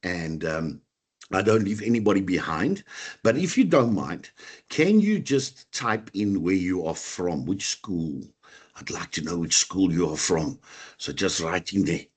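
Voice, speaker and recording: A man's voice: low-pitched, lively intonation, a little slow, slightly rough. A man with a South African accent, a teacher running a live online lesson, upbeat and chatty as he greets students by name. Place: online video meeting.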